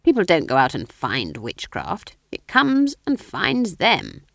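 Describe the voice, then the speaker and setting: A woman reading, who puts on a proud, stern older witch. Her lines come out curt and disapproving, slow and deliberate, in a low voice. The recording is dry and close. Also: sing-song, fairly bright tone, dry recording, exaggerated voice.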